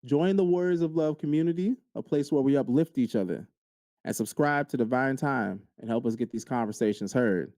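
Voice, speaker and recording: A man's voice: medium pitch, fairly quick, mellow, dry recording. A man hosting a podcast, speaking straight to his listeners in an earnest motivational monologue and repeating key lines for emphasis. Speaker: podcast host.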